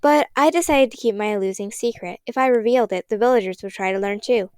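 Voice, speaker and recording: A woman narrating a novel in a gentle, measured reading voice. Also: on the high side, no room sound. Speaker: audiobook reader. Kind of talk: storybook narration.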